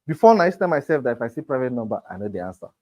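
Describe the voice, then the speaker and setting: This man's mid-range voice is very animated, with a rapid-fire delivery and a somewhat dark tone. He's a real estate sales trainer giving a motivational lecture, addressing his students head-on with plenty of emphasis.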